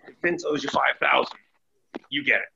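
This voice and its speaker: A man, a former wrestler, telling chatty, animated anecdotes as a guest on a podcast interview. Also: medium pitch, moderate pace, vocal fry, lo-fi sound, background noise. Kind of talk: casual storytelling interview.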